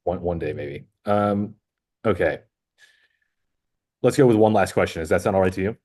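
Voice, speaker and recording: A man's voice: low-pitched, moderate pace, a little mellow. A man interviewing a filmmaker in a casual, rambling chat full of fillers. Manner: chatty, rambling with many fillers. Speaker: festival programmer interviewing a filmmaker.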